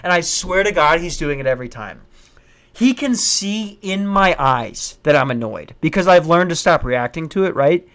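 A man's voice: on the high side, expressive, moderate pace, fairly bright tone. Young man rambling with lots of swearing. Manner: rambling and profane, with frequent restarts. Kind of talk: casual comedic monologue.

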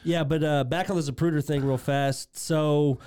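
A man's voice: on the high side, fairly even intonation, moderate pace, a little mellow, clear, resonant tone. A man co-hosting a podcast, telling stories in a rambling way with many fillers. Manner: rambling, filler-heavy storytelling. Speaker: podcast co-host. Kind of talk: casual episode recap chat.

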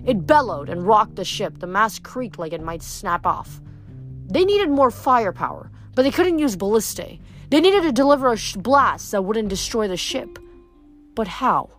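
A woman reading a novel aloud, animated, shouting the characters' lines and sometimes stumbling and restarting. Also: mid-range voice, normal speed, soft background music. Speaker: reader. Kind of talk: amateur book read-aloud.

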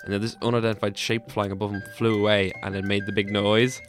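Laughing podcast storyteller. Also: male voice, fairly low pitch, fast talker, over loud music. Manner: laughing, animated, swears freely. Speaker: podcast co-host. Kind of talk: casual storytelling banter.

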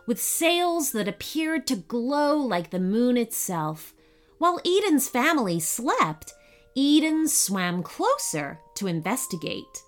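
Woman storyteller for kids' audio, slow and lively in pitch. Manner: slow, expressive, animated reading. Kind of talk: children's bedtime story narration. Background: faint music.

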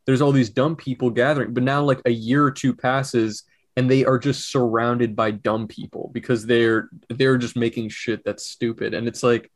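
A man's voice: mid-range voice, steady tone, moderate pace, no room sound. A young man co-hosting a podcast in casual chat, rambling with restarts and swearing. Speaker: podcast co-host.

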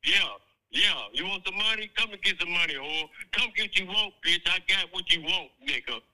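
A man's voice: sits high, fairly quick, sharp tone, low-quality recording. A man leaving an angry, insulting voicemail that taunts the listener, played off a phone speaker held to the mic. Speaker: voicemail caller. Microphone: phone voicemail held up to the host's mic.

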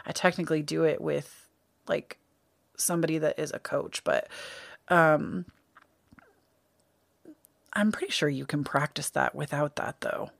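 A woman's voice: low voice, measured pace, gravelly, long pauses, no echo. Candid rambling woman podcast host. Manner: candid, rambling, self-correcting. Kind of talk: casual spiritual podcast monologue.

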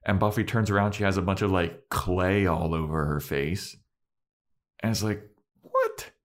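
Low-voiced man recapping casually. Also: fairly even intonation. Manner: rambling, filler-heavy retelling with quick character voices. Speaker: podcast co-host. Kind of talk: casual TV episode recap chat.

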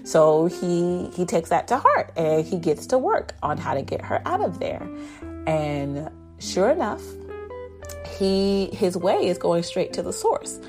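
A woman casually recapping a TV drama episode in a chatty, animated way, full of "like" and "basically". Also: lowish voice, unhurried. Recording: guitar music underneath.

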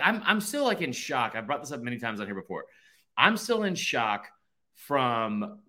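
A man in his thirties hosting a casual sports podcast, rambling and animated, full of asides. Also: medium pitch. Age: 30s. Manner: rambling, animated, self-interrupting with fillers. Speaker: podcast host.

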